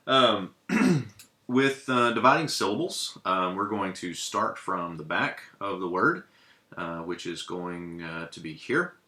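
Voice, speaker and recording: A man teaching a casual lesson, pausing often with ums and uhs while he writes and explains. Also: low-pitched, pushed and bright. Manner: hesitant, many ums and uhs while writing. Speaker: Hebrew teacher. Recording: echoey room.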